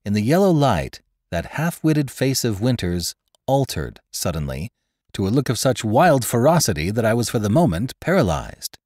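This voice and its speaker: A man narrating an adventure story in a dramatic storytelling manner, dropping low and quiet for dialogue. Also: very animated, normal speed, no room sound, clean studio sound. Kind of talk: scripted narration.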